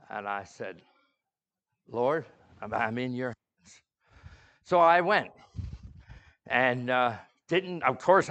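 A middle-aged male pastor preaching a sermon, telling a story with swings from hushed, soft lines to loud outbursts. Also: a little high.

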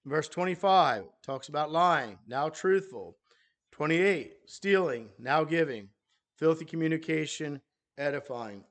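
A male preacher delivers a sermon at a slow, considered pace, often pausing mid-phrase and starting over. His voice sits a little higher than most men's. He speaks plainly to the men in his congregation. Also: expressive, fairly bright tone. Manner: measured, halting delivery with restarts and pauses.

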